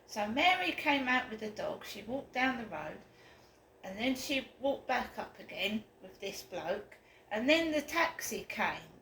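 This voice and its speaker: A woman rambles through a story at a slow, unhurried pace, growing indignant and worked up as she goes. Her voice is bright and fairly high. The room around her is echoey. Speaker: vlogger. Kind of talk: casual storytelling to camera. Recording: roomy echo, faint room noise.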